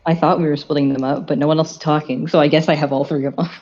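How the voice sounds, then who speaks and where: A woman's voice: deep voice, fairly even intonation, racing, darkish tone, faint music behind. A woman player in a casual tabletop game chat, giggly and self-deprecating, on a muffled lo-fi recording.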